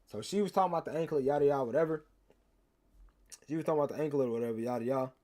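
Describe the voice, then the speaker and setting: A man's voice: on the high side, very fast, mellow. A young man, telling a rambling, slangy story to his stream chat and teasing viewers. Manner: rambling, slangy, repeats himself, teases chat.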